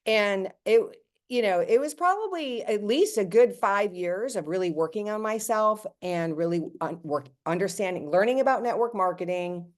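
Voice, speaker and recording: A woman in her fifties, a network marketing team leader, telling her story in a chatty, animated way on a team call, acting out quotes and talking straight to her listeners. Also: medium pitch, moderate pace.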